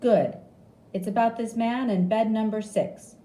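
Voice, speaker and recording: Doctor role: calm, quiet, controlling man, read by a woman, echoey room. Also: a little slow, natural voice. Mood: businesslike. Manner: raised pitch, speaks quietly.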